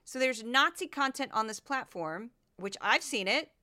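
A woman's voice: a little high, animated, normal speed, sharp tone. A woman hosting a political commentary podcast, talking in an indignant, sarcastic way. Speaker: podcast host.

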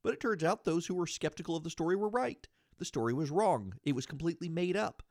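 A man's voice: fairly high pitch, expressive, quick pace, darkish tone, no room sound, studio quality. A man hosting a podcast, giving solo political commentary in an indignant, argumentative way and repeating phrases for emphasis. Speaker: podcast host.

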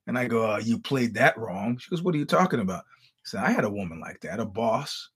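A man's voice: medium pitch, lively intonation, fairly quick, husky. A man hosting a podcast, telling stories in a casual monologue, wry and blunt, acting out the quoted dialogue and often stammering over restarts. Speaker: podcast host.

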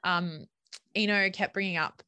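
A young adult Australian woman co-hosts a relaxed podcast conversation. Her voice is bright and forward. It is recorded close and dry, and she rambles happily with plenty of "like" and "um". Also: mid-range voice, unhurried, smooth, no echo. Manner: chatty, lots of "like" and "um". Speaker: podcast co-host. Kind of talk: casual chat.

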